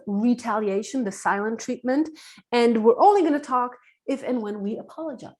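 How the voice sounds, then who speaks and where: A woman telling a personal story as a podcast guest, earnest, acting out dialogue in a hushed voice. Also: fairly high pitch, fairly quick.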